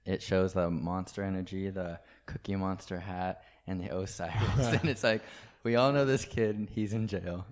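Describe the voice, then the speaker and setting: A young man appearing as a guest on a podcast. His voice is on the low side, his manner is easygoing, and he giggles easily as he chats. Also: steady tone, normal speed, few pauses. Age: young adult. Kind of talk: casual chat.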